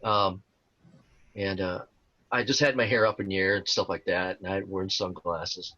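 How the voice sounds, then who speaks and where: Low-pitched, bright, and forceful, yet steady in tone, a man in his sixties talks at normal speed as a guest in a casual storytelling interview. A tribute performer, he wanders through his tales with frequent fillers and restarts. The lo-fi recording is dull, with no room sound.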